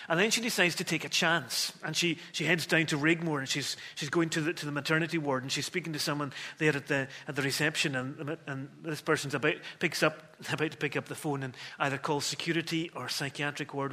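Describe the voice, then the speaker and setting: Man preaching, husky bright voice, storytelling, hushed then emphatic. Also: a little high, fairly quick. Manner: storytelling, acts out dialogue, shifts between hushed and emphatic. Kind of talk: sermon.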